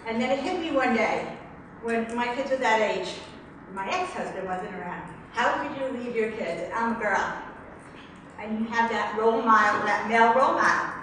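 Middle-aged woman, halting, echoey distant room. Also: fairly high pitch, a bit bright. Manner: halting, repeats phrases, voices anger. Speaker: workshop volunteer. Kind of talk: emotional tapping exercise. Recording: echoey room, distant mic, some noise.

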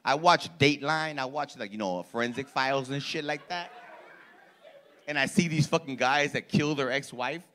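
A man in his forties doing crowd-work stand-up in a comedy club, loud and profane, teasing people in the audience. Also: medium pitch, normal speed. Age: 40s.

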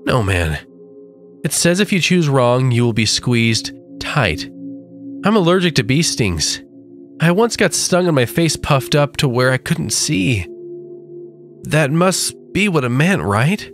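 A man's voice: mid-range voice, big pitch swings, unhurried, soft background music, voice pushed up. A man voicing a tearful, frightened young man who whimpers and pleads. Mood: pleading.

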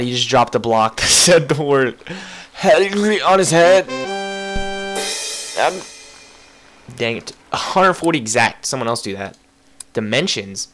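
A young man commentating on a game he plays, excitable, yelping and apologizing to the characters. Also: medium pitch. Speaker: gameplay commentator. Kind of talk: casual gaming commentary.

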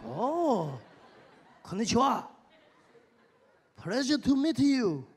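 Man putting on a formal, polite Japanese man, Japanese accent, high and lively, noisy live stand-up recording. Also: slow, heavily acted.

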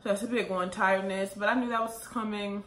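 Young woman, casual vlogger, slightly breathless, bright voice, echoey room. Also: medium pitch, steady tone. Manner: chatty, rambling, fast with many fillers. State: pregnant and out of breath. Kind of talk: casual vlog talk to camera. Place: room at home, late at night. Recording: echoey room with faint ambient noise.

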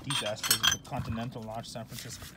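A man's voice: mid-range voice, little pitch movement, fast talker. A man casually reading labels aloud in short bursts with mumbled asides, filmed on a handheld phone indoors. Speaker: vlogger showing a collection. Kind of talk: casual off-the-cuff commentary. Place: indoors at a shop. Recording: loud clinking and handling noise.

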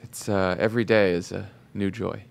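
A man co-hosting a podcast, giving dry, deadpan replies. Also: low-pitched, moderate pace, gravelly. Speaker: podcast co-host.

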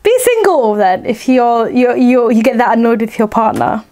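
A woman's voice: fairly high pitch, big pitch swings, normal speed, darkish tone. A woman hosting a reaction video, chatting casually and exclaiming in disbelief at what she hears.

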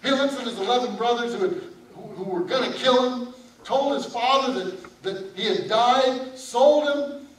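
A man preaching a sermon, telling a Bible story and acting out the characters' lines. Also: very high voice. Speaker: pastor. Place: church sanctuary. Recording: echoey church hall from far off.

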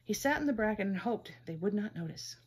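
A woman gently reading a children's story aloud in a measured way. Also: medium pitch, animated, husky.

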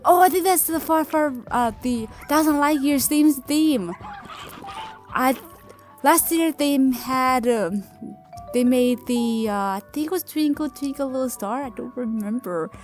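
A high-voiced woman commenting on her own gameplay, excitable and gushing. She talks straight to her viewers in quick bursts of delight. Her tone stays bubbly and eager. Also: soft background music. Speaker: gaming video creator. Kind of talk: game commentary.

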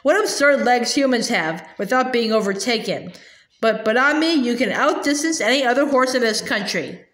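A woman reading a haughty talking stallion, proud, scornful, storybook, brisk, fairly high voice, roomy echo. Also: expressive, a bit bright. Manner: haughty and brisk, talks down to the boy. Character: proud talking male war horse, scornful yet protective.

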